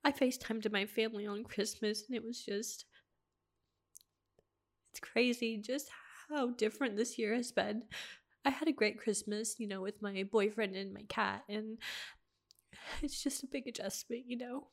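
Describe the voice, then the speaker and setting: A young woman hosting a personal podcast alone at home, talking in halting, emotional bursts with restarts and sighs. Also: on the high side. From United States. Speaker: podcast host.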